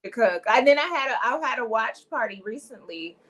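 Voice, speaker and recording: A young woman from Louisiana who grew up in Atlanta talks through an interview in a relaxed, chatty way. Her voice sits a little high, and she keeps slipping into quoted asides and easy laughter. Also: a little fast, over a noisy crowd, poor audio. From Louisiana, raised in Atlanta. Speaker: actress, interview guest. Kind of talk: casual interview chat.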